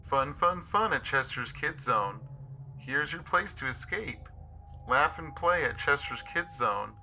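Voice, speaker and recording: This is a man doing a sinister animatronic mascot for a horror story. His voice is high, very bright and tense, and he sings in an off-key, sing-song way. Faint music plays behind him. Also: lively intonation, unhurried, heavily acted. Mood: off-key jingle. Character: creepy singing animatronic badger mascot, male.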